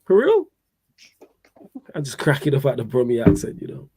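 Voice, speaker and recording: A man's voice: medium pitch, fast talker, noisy background. A man hosting a casual football chat livestream, playful and joking with his viewers. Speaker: host.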